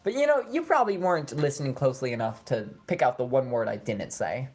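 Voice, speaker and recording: A young adult woman giving casual let's-play commentary, playful and teasing, swinging fast between moods. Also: rumbling low, expressive, a little mellow. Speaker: gaming streamer.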